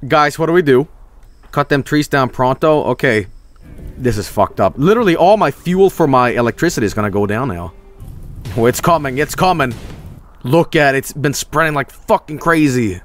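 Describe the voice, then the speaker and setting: A man streaming a game, talking casually and swinging between low mutters and loud exclamations. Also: lively intonation, moderate pace, soft background music. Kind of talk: livestream game commentary.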